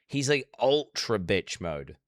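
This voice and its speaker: A man's voice: fairly low pitch, very animated, slow, no echo, clean studio sound. A man streaming as he reacts to a video, talking bluntly and profanely in casual commentary.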